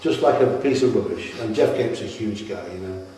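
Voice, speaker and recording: A man's voice: fairly low pitch, moderate pace, a little hiss or hum. Middle-aged man, rambling storyteller. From Britain. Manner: rambling, animated, with many restarts. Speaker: retired wrestler interviewee. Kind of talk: anecdotal interview storytelling. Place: at his home. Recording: echoey room, mic at a distance.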